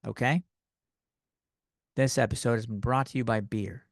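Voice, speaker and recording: In clean studio sound with no room ambience, a young comedy podcast host rambles through a profane rant in a steady mid-range voice at normal speed. He comes across as loose, a little tipsy and a bit winded.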